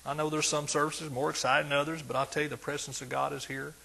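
Man, preaching, bright husky voice, folksy, soft then loud. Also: fairly high pitch, flat delivery, quick pace. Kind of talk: sermon.

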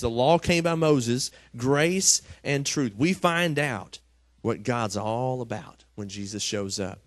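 A man's voice: medium pitch, animated, slow, dry recording. A man preaching a conversational sermon from scripture. He often repeats his words and asks the congregation "Amen?". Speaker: pastor.

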